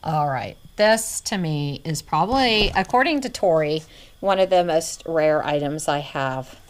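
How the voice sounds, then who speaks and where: A middle-aged woman reselling vintage goods, chatting casually to her viewers and often dropping into an excited hushed near-whisper. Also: deep voice, unhurried. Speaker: vintage reseller showing inventory. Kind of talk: casual vlog chat.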